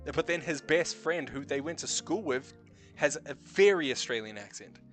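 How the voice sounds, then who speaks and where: Faint music plays behind a fairly high, bright voice with lively intonation and a moderate pace. The speaker is a New Zealand streamer with a light accent, chatting casually in a rambling, self-correcting way and swearing often.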